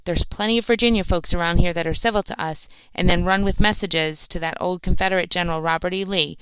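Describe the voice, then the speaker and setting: A big soldier puffing on a pipe, boastful and knowing as he shares gossip, put on by a woman narrator. Smooth, dry, close voice. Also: fairly low pitch, fairly even intonation, fast talker, fairly bright tone, no echo, natural voice, poor audio.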